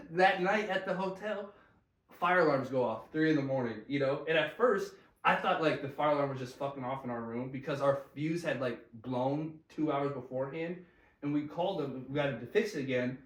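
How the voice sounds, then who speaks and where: Slightly off-mic in an echoey room, this fairly high-pitched man tells a long story as a podcast guest at a moderate pace. He's casual and slangy, laughing a lot and cursing without restraint.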